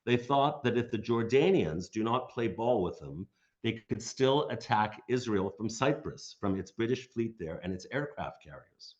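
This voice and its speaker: A man with a fairly low voice delivers a prepared lecture, reading steadily and slipping in dry, sardonic remarks. The recording sounds dull and muffled, like lo-fi audio. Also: animated, normal speed, a little mellow. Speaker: guest lecturer. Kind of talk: read history lecture.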